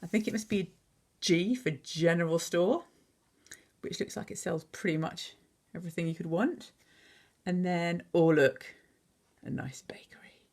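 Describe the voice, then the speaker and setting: A woman teacher reading a picture book aloud, pausing to chat and quiz the listener on words. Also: fairly low pitch, fairly even intonation, a little mellow. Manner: chatty, asks the listener questions.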